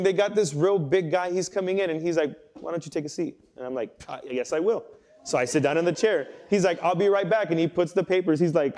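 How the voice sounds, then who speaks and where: A man's voice: fairly high pitch, darkish tone. A young man preaching to a youth group, telling a personal story in a conversational, earnest way, acting out the quoted lines. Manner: conversational, earnest, with many restarts and quoted inner thoughts. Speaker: youth pastor.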